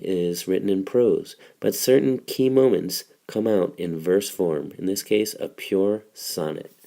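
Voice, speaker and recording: A man's voice: on the low side, dark tone. A man teaching a recorded literature lesson, explaining step by step in a casual way.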